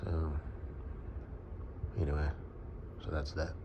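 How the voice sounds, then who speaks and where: A man's voice: very deep voice, steady tone, slow pace, creaky, noisy background. An American man rambling crudely to his audience in a monologue, full of fillers and asides. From United States. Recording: dull lo-fi sound with faint background ambience.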